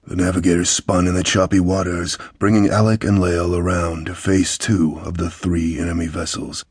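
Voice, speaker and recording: Male audiobook narrator, low husky voice, steady measured reads, dry close studio sound. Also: dry recording. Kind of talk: scripted fantasy audiobook narration.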